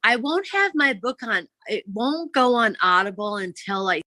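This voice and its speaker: Bright-voiced woman author on a phone call. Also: fairly high pitch, very animated, no echo. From Minnesota, US. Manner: friendly, plain-spoken, quick to laugh. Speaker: guest author. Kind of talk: casual interview chat. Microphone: phone on a video call.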